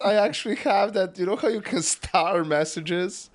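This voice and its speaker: A man co-hosting a casual podcast, talking in a flat, monotone way and laughing often. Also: high-pitched, moderate pace. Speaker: podcast co-host.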